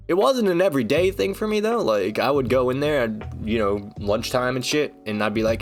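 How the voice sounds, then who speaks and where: A man's voice: mid-range voice, big pitch swings, a little fast, soft background music. A man streaming, ranting casually in a rambling, joking, foul-mouthed way. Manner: rambling, profane, joking rants.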